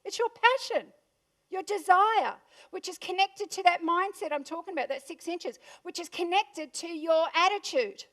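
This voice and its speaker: Punchy high-voiced Australian woman speaker. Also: moderate pace, a bit bright. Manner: punchy, asks the audience questions. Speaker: motivational speaker. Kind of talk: motivational keynote talk. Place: event room before a live audience.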